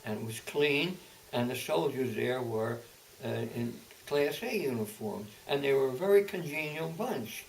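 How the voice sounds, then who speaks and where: This veteran in his eighties, interviewed indoors at home, speaks in a mid-range voice with lively intonation, delivering his story in stop-start bursts: halting, repeating, restarting, then rushing ahead. He's far from the mic in a low-quality recording with faint hiss.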